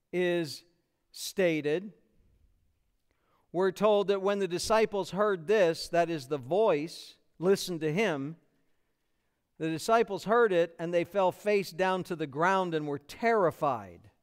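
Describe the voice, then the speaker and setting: A man's voice: high-pitched, slow, clear, resonant tone. A man with an American accent, a pastor preaching an expository sermon and acting out the quotes he reads.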